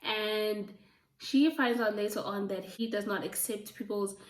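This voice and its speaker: A woman chatting casually about books she has read, gushing and full of fillers, her voice going a little hoarse. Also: mid-range voice, steady tone, a little slow. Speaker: book reviewer. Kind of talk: casual book review chat. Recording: roomy, from a distance.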